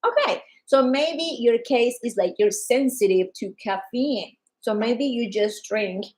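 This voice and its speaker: A woman from Colombia with a Colombian Spanish accent, chatting casually and excitedly about a wellness product, acting out customers' lines. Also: fairly high pitch, measured pace, low-quality recording. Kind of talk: casual livestream chat.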